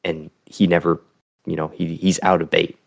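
A man's voice: deep voice, flat delivery, moderate pace, creaky. A young man talking as a podcast guest, earnest and easygoing, rambling a little. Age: young adult. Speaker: guest, bait builder. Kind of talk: casual chat.

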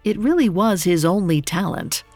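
A woman narrating a mythological story in a calm, measured scripted style. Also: lowish voice, music in the background.

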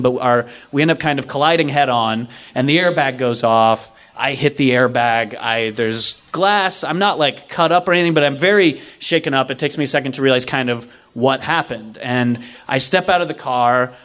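Telling a story to a live audience, a young man with a medium-pitched voice is animated and pokes fun at himself. He acts out the people he quotes.

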